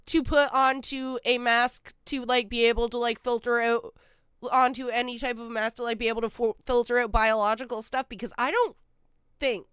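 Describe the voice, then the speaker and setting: A woman's voice: on the high side, steady tone, moderate pace, fairly bright tone, smooth, dry recording. A woman streaming live, reacting to a video with blunt, profane, sarcastic commentary into a close mic.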